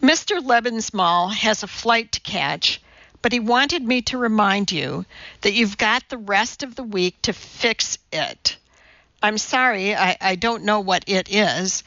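Woman doing flustered young woman secretary, hesitant, apologetic, slow, bright, dull audiobook sound. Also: mid-range voice, animated, no room sound.

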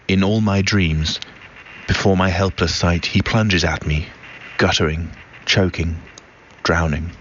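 A man reciting a poem in a grave, measured way, in a dull lo-fi recording with faint hiss. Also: deep voice, a bit bright. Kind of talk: poetry recitation.

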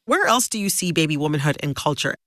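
A woman's voice: low-pitched, fast, dry recording. Chatty woman hosting a podcast chat. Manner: chatty, laughs often, animated. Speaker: podcast host. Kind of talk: casual chat.

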